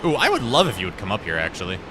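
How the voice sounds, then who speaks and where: A young adult man, a gaming livestreamer, talks in a low voice with huge swings in pitch, racing along against background noise. Playing a game live, he trades self-deprecating banter with his chat and walks through boss tactics step by step in casual stream talk.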